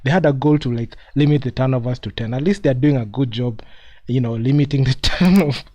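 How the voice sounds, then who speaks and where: A man's voice: medium pitch, a little fast, darkish tone. A man streaming live commentary on a basketball game, mocking the losing team, laughing often and repeating himself.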